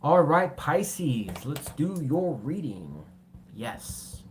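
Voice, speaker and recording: Woman tarot reader, very low voice, chatty and rambling with casual swearing; clear background noise on the track. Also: expressive, moderate pace.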